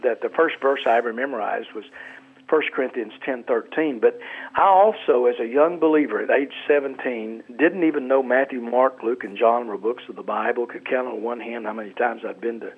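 An earnest man, a pastor and author, talks about scripture on a radio show. He calls in over a tinny phone line, and his voice sounds a little husky. He often stops and restarts his sentences. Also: medium pitch. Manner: earnest, halting with many restarts. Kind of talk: Christian radio talk.

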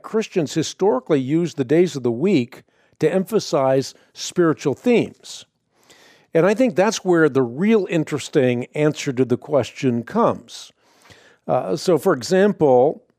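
A middle-aged man hosting a radio Bible question program, explaining an answer in a measured way with pauses. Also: mid-range voice, mellow, no echo, clean studio sound.

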